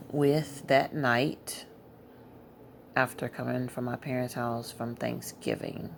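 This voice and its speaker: A tired woman telling a personal religious testimony in a rambling, halting way, full of fillers. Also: a bass voice, vocal fry, slight background noise. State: tired, yawning. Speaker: Christian testimony speaker.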